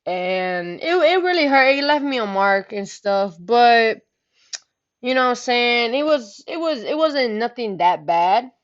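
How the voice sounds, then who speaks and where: A woman's voice: a little high, expressive, unhurried. A woman telling a story in casual, rambling talk, full of slang and swearing, often tossing in "you know what I'm saying.". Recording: slightly muffled lo-fi recording.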